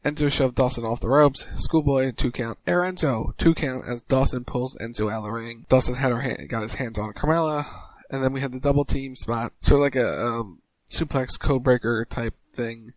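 A man co-hosting a casual podcast, recapping wrestling moves in quick play-by-play style. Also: dry recording, low-quality recording. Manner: rapid recap, mimics crowd chants in a higher voice.

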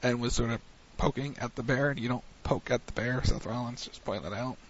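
A man's voice: medium pitch, fairly quick, a little hiss or hum. A man hosting a wrestling recap show on internet radio, chatting casually and rambling with lots of fillers. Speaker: wrestling podcast host. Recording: muffled lo-fi radio stream.

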